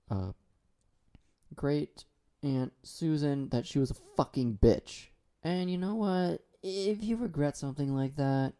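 Slow, dark-voiced deadpan man. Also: mid-range voice. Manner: deadpan, absurd, meandering. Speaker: talk show host. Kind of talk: rambling solo comedy talk show.

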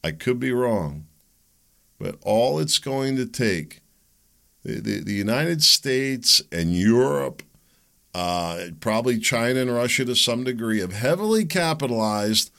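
A man's voice: medium pitch, animated, measured pace, gravelly, a bit bright. A man hosting a political commentary show, thinking aloud and hedging his opinions as he talks. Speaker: host.

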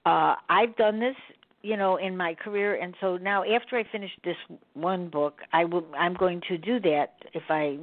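A woman's voice: fairly low pitch, moderate pace, no room sound. Rambling woman host on a phone line. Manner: rambling, animated, laughs often. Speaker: radio show host. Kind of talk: casual chat.

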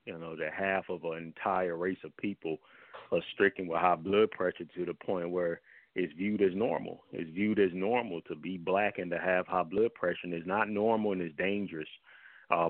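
A man's voice: low-pitched, dry recording. A man speaking as a health guest on a radio talk show, blunt and heated in his manner. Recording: tinny phone line, dry.

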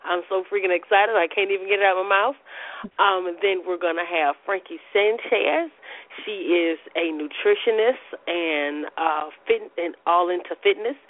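A woman's voice: on the low side, moderate pace. A woman hosting a casual radio talk show, bubbly and gushing, dropping call-and-response church phrases. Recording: tinny phone-like radio audio.

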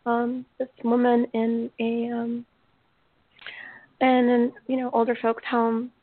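A woman's voice: a little high, completely flat delivery, takes it slowly, no room sound. A woman hosting an interview podcast, emotional and rambling with many fillers as she tells stories. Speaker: podcast host. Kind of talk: casual interview chat. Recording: tinny call audio.

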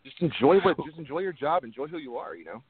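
A man's voice: fairly high pitch, sing-song, fast talker, breathy edge, no room sound. A man, an actor being interviewed, talking earnestly and casually, often repeating words as he restarts. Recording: tinny phone-like line, dry.

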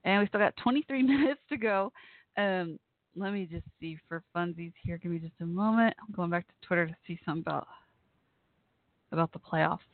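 A Texas woman with a lowish, brisk voice hosts a casual call-in radio talk show, chatty and giggly, laughing often and using lots of fillers. The line sounds tinny, like a phone, with no room sound.

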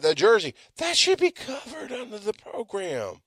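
A middle-aged man hosting a live podcast, ranting with lots of swearing, swinging from loud outbursts to low mutters. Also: sing-song, a little fast, few pauses, no room sound, studio quality. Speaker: podcast host.

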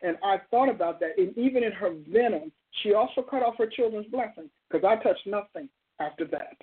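A woman's voice: mid-range voice, animated, a little fast, breathy edge. A woman in her sixties, a pastor hosting a live call-in show, counseling a caller and praying in an emphatic, repetitive preaching cadence. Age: 60s. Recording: tinny phone-like sound.

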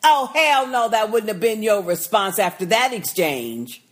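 A woman's voice: medium pitch, a little slow. A woman co-hosting a podcast, recapping a TV episode in casual chat, blunt and profane. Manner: blunt, profane, animated and emphatic. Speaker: podcast co-host.

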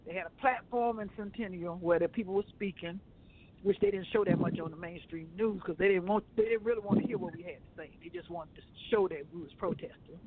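A man co-hosting a casual talk show, telling stories in an animated way and repeating himself. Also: high voice, quick pace, a little hiss or hum. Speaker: co-host. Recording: tinny phone-like line.

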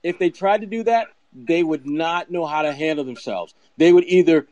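A man's voice: on the high side, moderate pace, darkish tone, no echo, dull audio. A man talking bluntly in casual slang as a panelist on a sports podcast.

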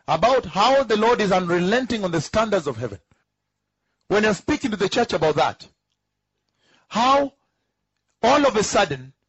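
A man delivers an emphatic teaching sermon, slowly repeating key phrases, posing rhetorical questions, and chuckling between points. His voice is high-pitched and husky, captured in a dry recording with poor audio.

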